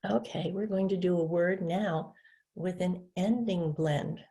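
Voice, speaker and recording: A woman leads a teacher-training webinar at an unhurried, deliberate pace. Her voice sits slightly low, and she drags out single sounds as she models them. She switches between giving instructions and answering as a pretend student. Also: dark tone. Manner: patient, stretches out speech sounds to model them; plays both teacher and student in demonstrations.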